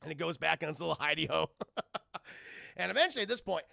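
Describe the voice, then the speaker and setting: Gravelly, animated streamer man. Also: a little high, brisk, dry recording, studio quality. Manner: animated, profane, addresses chat. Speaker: streamer and film reviewer. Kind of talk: casual live-stream chat.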